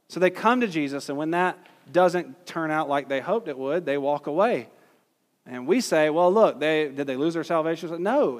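A man preaching a teaching sermon in an earnest way, acting out quoted voices in his illustration. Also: on the high side. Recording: long hall reverb.

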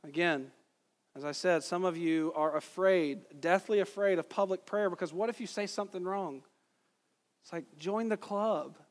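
A man's voice: high voice, normal speed. A man in his thirties preaching a sermon as pastor, conversational and self-deprecating, asking the congregation rhetorical questions. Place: church sanctuary. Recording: long reverb of a church hall.

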